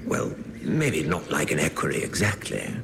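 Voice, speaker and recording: An actor playing a stiff, formal British official in colonial India who speaks with an upper-class British accent. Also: male voice, rumbling low, wildly swooping pitch, normal speed, vocal fry, background noise, heavily acted. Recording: film clip with long reverb and faint ambience.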